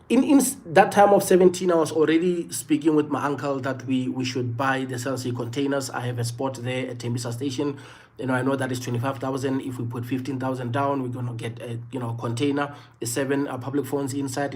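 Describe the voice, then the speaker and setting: A man's voice: mid-range voice, darkish tone, slight background noise. A man in his thirties with a South African accent, telling a personal story on a livestream in an earnest way, often repeating phrases. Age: 30s. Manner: earnest, repeats phrases, many "you know" fillers. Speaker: livestream host.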